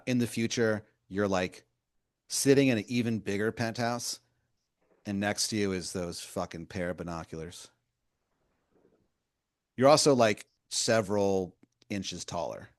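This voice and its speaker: A man's voice: deep voice, clear, resonant tone. A man narrating an improvised tabletop story as game master, rambling with lots of filler words.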